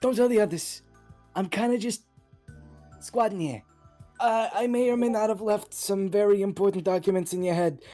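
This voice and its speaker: A man's voice: sits high, moderate pace, mellow, voice pushed up, close to an everyday voice. A man voicing a sneaky, sheepish male spirit squatting in a woman's mind, in a tabletop game with faint music behind. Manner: flustered, sheepish and cheeky.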